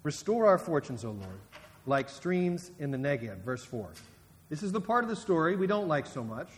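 A man's voice: a little high, sing-song, normal speed, big-room sound. A man preaching a sermon in a conversational way, with frequent restarts and asides to the congregation. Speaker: guest preacher.

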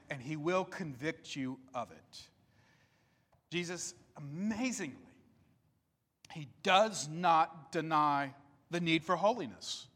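A male pastor preaching a sermon with an emphatic, repetitive cadence and dramatic pauses. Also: on the high side. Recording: reverberant hall.

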